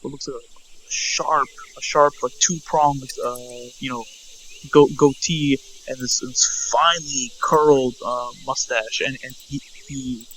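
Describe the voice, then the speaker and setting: A man narrating as game master in a tabletop role-play, with a middling pitch. He stumbles, restarts and fills gaps with ums as he describes the scene. Crickets chirp faintly in the background. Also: fairly even intonation, fairly bright tone, a little hiss or hum, rough recording. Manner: halting, full of fillers and restarts.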